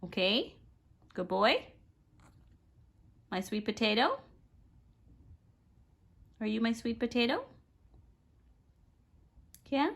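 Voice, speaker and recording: A woman at home talking to her pet parrot in a playful, coaxing sing-song, scolding it gently and fussing over it in baby talk. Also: fairly high pitch, very animated, slow pace, creaky, long pauses. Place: home indoors, by a fireplace.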